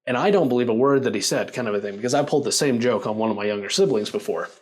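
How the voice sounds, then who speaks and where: Animated man telling a story. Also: medium pitch, rapid-fire. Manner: animated, acts out quoted lines, filler-heavy; laughs while telling. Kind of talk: casual personal storytelling.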